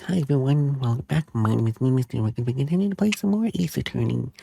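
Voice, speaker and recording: A man's voice: medium pitch, fast talker, gravelly, dark tone, a little hiss or hum. A man streaming a courtroom video game, chatting casually and reading the text aloud.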